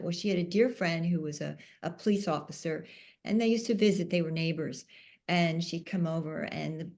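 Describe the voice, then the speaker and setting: A woman on a panel, telling a personal story in a soft-spoken, emotional way. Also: fairly low pitch. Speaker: panel speaker.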